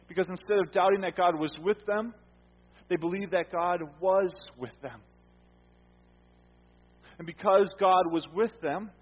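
A man preaching a sermon as pastor, earnest, repeating phrases for emphasis and letting his lines fall quiet at the ends. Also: high voice. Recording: dull, echoey hall sound.

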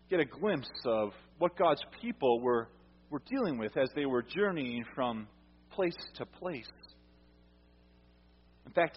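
Slightly rough and a little high, this man's voice belongs to a pastor preaching in a conversational way. He asks his congregation questions and repeats words, and the audio is muffled and echoes as in a reverberant hall.

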